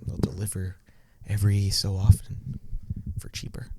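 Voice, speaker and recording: A man's voice: lowish voice, completely flat delivery, moderate pace, noisy background. A man co-hosting a podcast in casual chat, offhand with dry shrugging asides. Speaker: podcast co-host.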